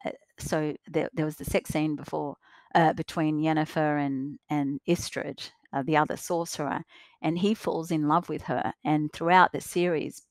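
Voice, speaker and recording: Low-pitched woman with a hesitant delivery. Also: steady tone, normal speed, no room sound. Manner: hesitant, with many fillers and restarts. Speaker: podcast guest. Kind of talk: casual discussion.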